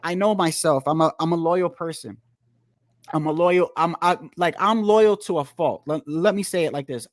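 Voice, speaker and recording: A man's voice: fairly high pitch, no room sound, studio quality. A man hosting a casual boxing podcast, talking in a rambling, profane way that repeats phrases. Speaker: boxing show host.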